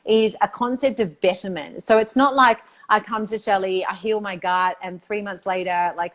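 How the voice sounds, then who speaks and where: A woman's voice: mid-range voice, fairly even intonation, normal speed, few pauses. A middle-aged woman, chatting enthusiastically as an interview guest, full of "like" and "you know". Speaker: guest, institute founder. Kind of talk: casual interview chat.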